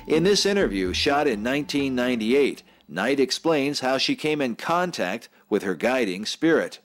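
A man giving measured, skeptical scripted documentary narration. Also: mid-range voice, sing-song. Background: music.

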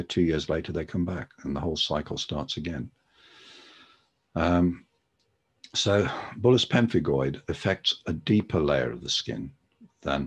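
A man's voice: very deep voice, breathy edge. A man giving a webinar lecture on podiatry, talking conversationally with frequent ums and restarts.

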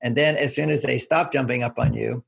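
A man with a deeply gravelly, husky voice talks through his ideas as an interview guest. He teaches through everyday stories and chuckles often along the way. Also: steady tone, a little fast. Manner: anecdotal, instructive, chuckling. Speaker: relationship author and guest. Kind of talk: relaxed interview talk.

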